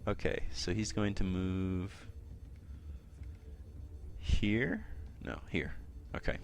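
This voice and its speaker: Deep-voiced man running a tabletop game. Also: drawn-out words, slight background noise. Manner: casual, laughing often, thinking aloud with fillers. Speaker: game master.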